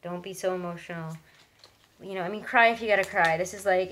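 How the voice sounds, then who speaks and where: A young woman with a lowish voice chats her way through a tarot reading, reassuring her viewers and filling pauses with ums and likes. A faint hiss sits under the recording. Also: steady tone, fairly bright tone, low-quality recording. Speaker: tarot reader.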